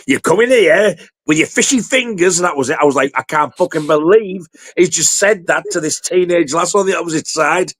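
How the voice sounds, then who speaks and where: A man's voice: medium pitch, no echo. Man, livestream co-host, crude and sweary, close dry sound. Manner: crude, swearing, animated storytelling. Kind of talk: casual livestream banter.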